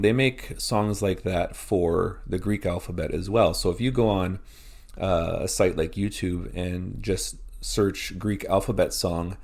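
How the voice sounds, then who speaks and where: A man's voice: sits low, creaky, darkish tone. A man teaching a recorded language lesson, explaining patiently and encouraging practice.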